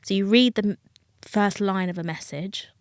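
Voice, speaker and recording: Middle-aged British woman, candid guest, dry close sound, mid pitch, slips into quoted voices. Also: moderate pace, clean tone, no echo. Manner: frank, emotional, acts out quoted voices. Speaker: dating coach and TV guest. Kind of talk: candid interview talk.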